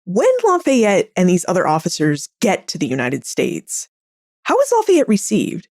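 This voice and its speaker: A woman podcast host asking curious, clearly framed questions of her guest. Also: fairly low pitch, wildly swooping pitch, normal speed, a little mellow, no room sound, clean studio sound. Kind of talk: interview questions.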